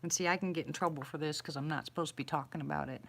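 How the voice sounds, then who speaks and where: A woman's voice: low voice, fairly even intonation, rapid-fire, vocal fry. A middle-aged woman in casual live-stream chat outdoors at night, rambling as she answers her viewers' questions. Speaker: livestream host answering viewers.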